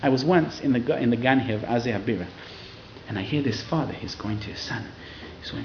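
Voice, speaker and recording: A man giving a lively Torah class to a live audience, acting out quoted people in raised voices. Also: medium pitch, quick pace, slight background noise. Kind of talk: lively sermon-style Torah lecture. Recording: roomy, slightly dull hall recording.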